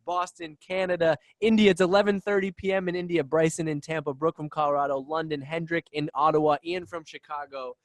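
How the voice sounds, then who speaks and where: A man hosting a live webinar over a video call, talking fast and excitedly with lots of restarts. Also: on the high side, no room sound. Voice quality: excitable, rapid, restarts often. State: out of breath. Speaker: webinar host. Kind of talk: energetic live webinar chat. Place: office in Boston.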